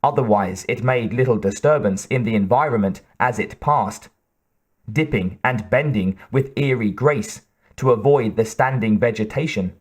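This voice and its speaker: A man narrating an audiobook in a measured, even delivery. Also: medium pitch. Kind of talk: scripted narration.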